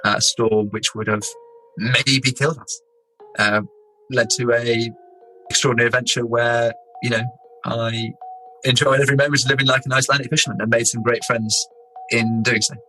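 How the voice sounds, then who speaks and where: A young man from England, an explorer, telling his own story in a casual, animated way, laughing as he goes. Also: mid-range voice, soft background music, poor audio. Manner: animated, laughing, doing quick impressions of people.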